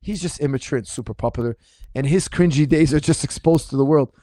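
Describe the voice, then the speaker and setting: A man coaching martial arts who answers viewer questions in a casual livestream, speaking in an animated, incredulous and mocking way, his voice slightly strained. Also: a little high, fast, no room sound, clean studio sound.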